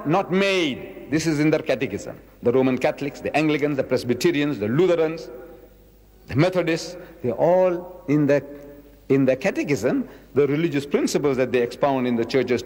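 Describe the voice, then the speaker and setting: Animated man in his seventies lecturing. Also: a little high, long reverb tail. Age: 70s. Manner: emphatic, repeats key words, slows to quote verses. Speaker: religious lecturer. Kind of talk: public religious lecture.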